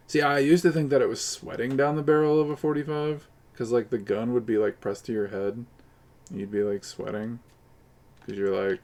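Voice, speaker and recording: A man's voice: medium pitch, vocal fry, a little mellow. A man live-streaming while gaming, chattering in a rambling, crude, joking way to his viewers.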